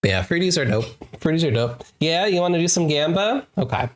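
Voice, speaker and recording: An adult game streamer chatting casually with viewers during a live stream, playful and excitable, laughing often. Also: mid-range voice, a little fast. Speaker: wholesome RPG game streamer.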